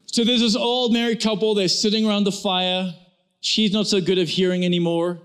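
A man with a notably high speaking voice preaches to his church, pressing the point and calling the room to act. He talks straight at the congregation in an urgent sermon. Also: steady tone, moderate pace, fairly bright tone, smooth. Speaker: pastor.

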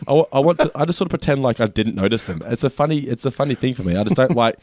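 A man's voice: medium pitch, animated, racing, darkish tone, dry recording, clean studio sound. A man, a podcast co-host casually recapping a sitcom, laughing often and stammering into his points.

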